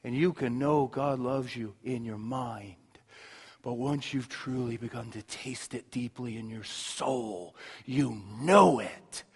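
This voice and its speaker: A man preaching a sermon as pastor, swinging between emphatic passages and soft, hushed ones, and repeating words as he builds a point. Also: medium pitch, takes it slowly, creaky, breathy edge, long reverb tail.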